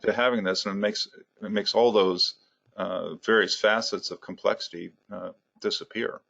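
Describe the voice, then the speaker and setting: Low-voiced man, muffled webinar audio. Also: fairly even intonation, moderate pace, vocal fry, a bit bright. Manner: conversational, with many fillers and dry humor. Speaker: webinar host, healthcare consultant. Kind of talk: webinar discussion.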